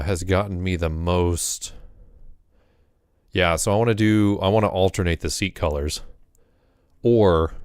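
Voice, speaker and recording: A man's voice: low voice, darkish tone, dry recording, studio quality. A man chatting casually during a live stream, rambling and correcting himself, a little out of breath after exercise.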